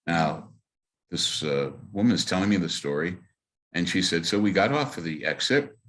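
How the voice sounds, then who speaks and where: A man speaking as a rabbi, telling stories to a congregation with lively acted-out dialogue and frequent filler words. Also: sits low, normal speed. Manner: animated storyteller who acts out quoted dialogue, with frequent fillers. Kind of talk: storytelling talk to a congregation.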